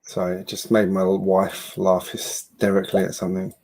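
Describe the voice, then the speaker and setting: A man's voice: deep voice, monotone, moderate pace, warm tone. A man hosting a casual live stream from home, chatting in a rambling way with self-deprecating asides, picked up by a computer mic. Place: home build room at a computer.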